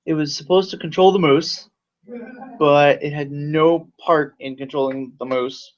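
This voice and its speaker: A man's voice: a little high, fairly even intonation, unhurried. A young man casually reviewing a movie, rambling with lots of fillers and swearing. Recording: slightly dull lo-fi mic.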